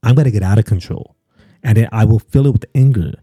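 A pastor guest on a podcast telling a personal story in casual chat, animated and acting out quotes with lots of fillers. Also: male voice, lowish voice, quick pace, breathy edge, no echo, clean studio sound.

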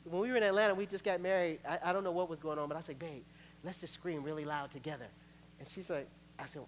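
A man preaching a sermon as pastor, lively and playful, acting out little quotes and laughing along the way. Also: a little high, fast, slight background noise. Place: church sanctuary.

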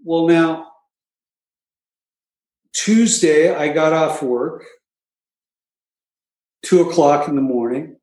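A man's voice: fairly high pitch, slow pace, long pauses, darkish tone. A man casually telling his recovery story, with wry, self-mocking humor and frequent asides. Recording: echoey room.

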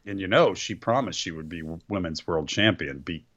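A man's voice: low-pitched, fairly quick, a bit bright. A man co-hosting a podcast, recapping wrestling shows in casual chat with a sarcastic, play-by-play manner. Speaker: podcast co-host. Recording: dull lo-fi podcast audio.

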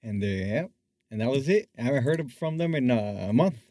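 A man's voice: mid-range voice, animated, fairly quick, dark tone, dry recording, studio quality. A man co-hosting a podcast, telling awkward stories about himself with lots of laughs and self-deprecating jokes. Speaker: podcast co-host. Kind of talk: casual chat.

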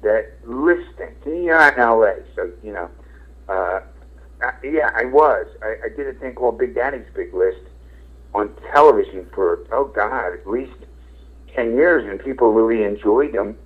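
A man's voice: medium pitch, normal speed, slightly rough. A middle-aged man, a radio host and comedian, talking casually and frankly in an interview, rambling with lots of fillers and casual swearing. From Philadelphia. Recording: tinny phone-like radio sound.

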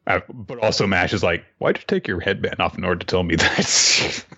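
A man casually recapping an anime episode on a podcast, rambling and dropping into quick quoted character voices. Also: low voice, lively intonation, bright, forceful tone, husky, muffled recording. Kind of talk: casual chat.

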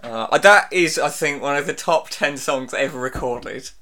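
Dry rambling man, slightly high voice. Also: measured pace, sharp tone. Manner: dry, rambling storyteller, mimics people in anecdotes. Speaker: radio show host. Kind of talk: casual banter.

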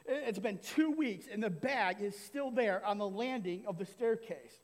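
High-voiced man preaching in a reverberant hall. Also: unhurried. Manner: animated, conversational preaching with frequent "right?" asides. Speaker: pastor. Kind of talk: sermon. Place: church hall.

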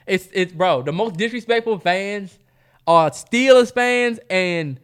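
A man co-hosting a casual sports podcast, blunt and swearing in animated banter. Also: high-pitched, takes it slowly, clean tone. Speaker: podcast co-host.

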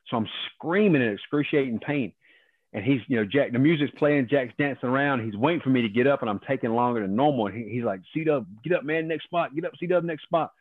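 A man in his fifties, a former wrestler, telling profane, animated stories as a guest and acting out other people's lines. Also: mid-range voice, no echo. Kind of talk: casual storytelling. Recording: dry tinny phone line.

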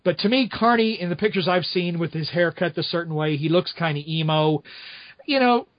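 Dull audio with no echo carries a fairly high, fairly quick male voice. As a podcast host reviewing a musical, he chats loosely about the show, rambling with frequent restarts and asides.

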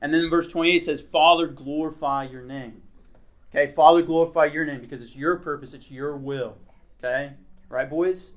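A man's voice: on the high side, a bit bright. Man teaching a Bible lesson. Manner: conversational, checks in with frequent "okay?"; reads scripture aloud slowly, then explains. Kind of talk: Bible lesson to a small group.

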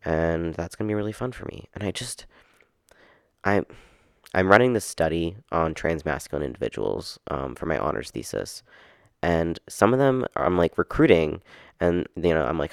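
Gravelly low-voiced young man rambling. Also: very animated, no echo, clean studio sound. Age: young adult. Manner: rambling, swearing, quickly exasperated. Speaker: podcast host. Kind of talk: casual solo podcast chat. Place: at home on a couch. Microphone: podcast microphone.

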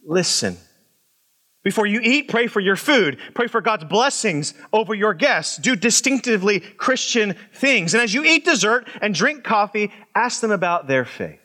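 A middle-aged pastor delivers a sermon in a high, bright voice. He talks expressively, climbing on his points and sinking into quiet, low remarks. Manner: expressive, swings from loud emphatic highs to low quiet asides.

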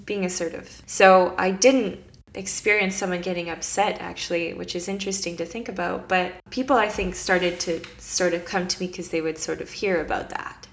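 A woman's voice: on the low side, steady tone, moderate pace. A woman guest on a podcast, telling her story earnestly and reflectively, acting out her own inner dialogue as she goes. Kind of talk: casual storytelling.

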